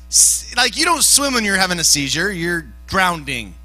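A youth pastor preaching a loose, casual sermon at a church youth service. The man sounds animated and playful, with a high voice and a sharp, piercing brightness. He often jumps up into shouts to drive home a point. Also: normal speed, few pauses, no room sound, soft background music, poor audio.

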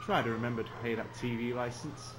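An actor playing a calm, polite male police officer who speaks in a measured, formal way. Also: mid-range voice, background noise, close to an everyday voice.

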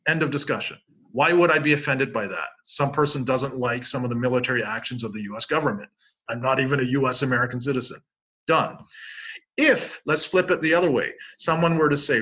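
Interview guest: middle-aged man from Canada, bright and slightly husky, animated storyteller acting out both sides of conversations, dull lo-fi audio. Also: medium pitch, brisk. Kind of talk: casual interview talk.

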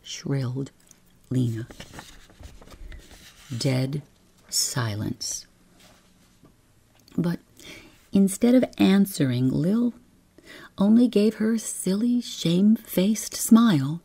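A woman narrating a bedtime story in a soft, slow, often whispered manner, with a husky, creaky voice. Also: lowish voice, expressive.

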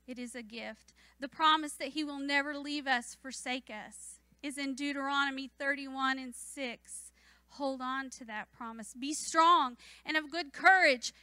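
High bright fervent woman preaching. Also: fairly even intonation, unhurried, no echo. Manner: fervent, rising to emphatic declarations. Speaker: church speaker. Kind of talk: sermon.

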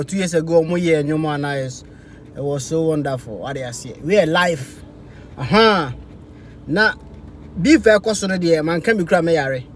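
A man's voice: on the high side, slight background noise. A man with a Ghanaian accent giving casual live commentary, mixing Twi and English. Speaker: music reviewer.

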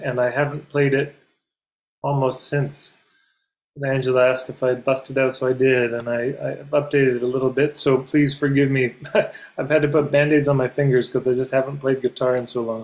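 A man giving a reflective memorial address on a video call, speaking in a measured way. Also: mid-range voice.

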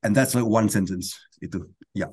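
Low, dark-voiced man explaining patiently. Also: husky. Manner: patient, explains slowly with many restarts and soft laughs. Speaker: guest language enthusiast. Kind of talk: explanatory interview.

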